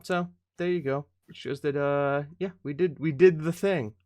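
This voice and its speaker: A man's voice: on the high side, normal speed, darkish tone, no echo. A man co-hosting a podcast in casual, joking chat. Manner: joking, playful, does voices. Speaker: podcast co-host. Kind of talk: casual chat on a live stream.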